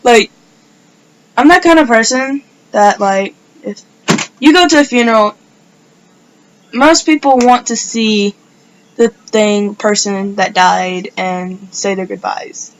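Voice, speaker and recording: With a mid-range voice, a vlogger talks slowly through a personal story, pausing at length, captured on a rough recording. She meanders and fills her speech with constant "like"s.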